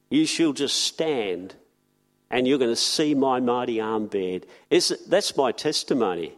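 A man preaching a sermon in an earnest way, often repeating words and slowing down on key phrases. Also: mid-range voice, lively intonation.

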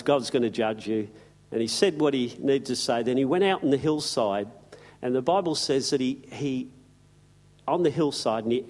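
A man's voice: mid-range voice, darkish tone. A man preaching a sermon, telling the story in a folksy, emphatic way with slang and asides.

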